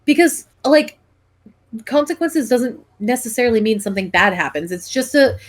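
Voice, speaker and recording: A woman's voice: fairly high pitch, moderate pace. Chatty young woman podcast host. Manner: animated storyteller, many "like" and "um" fillers. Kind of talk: casual chat.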